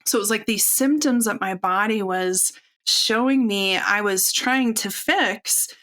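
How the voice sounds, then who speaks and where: A woman in her forties speaking openly and earnestly as a podcast guest, telling a personal story in a relaxed, conversational way. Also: mid-range voice, measured pace. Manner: open, earnest, conversational with fillers. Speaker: podcast guest, functional nutritionist.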